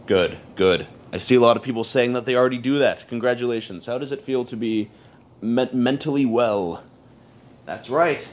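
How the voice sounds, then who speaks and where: A man's voice: mid-range voice, normal speed. A man hosting a casual audio chat, rambling in an ironic, self-mocking way. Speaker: host of an audio chat room.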